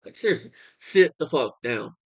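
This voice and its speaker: A man's voice: mid-range voice, big pitch swings, moderate pace, breathy edge, dull audio. A young man giving a heated, crude reaction commentary, swearing and mocking as he talks.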